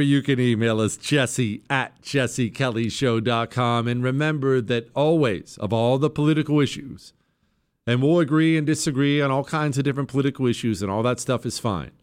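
Talk radio host, male, mid-pitched voice, emphatic and sarcastic, mocks opponents. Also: clean tone. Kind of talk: political talk radio monologue.

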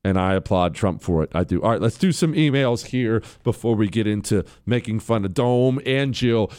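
An American man hosting a show, giving emphatic, fervent political commentary with drawn-out stresses. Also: lowish voice, lively intonation, a little mellow, dry recording, studio quality. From United States. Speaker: host.

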